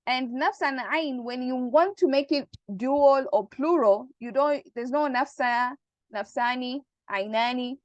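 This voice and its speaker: A woman teaching Arabic grammar in an online class, explaining slowly and checking that students follow. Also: high voice, no echo, dull audio. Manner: patient, repeats points and checks understanding.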